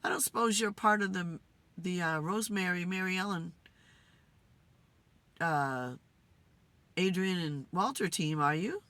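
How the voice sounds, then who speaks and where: A woman host talking to spirits in a casual, musing way, tired and low on energy. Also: unhurried, pauses often, fairly bright tone, no room sound. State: tired, yawning. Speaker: spirit communicator and channel host. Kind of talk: casual spirit session monologue. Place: in a car.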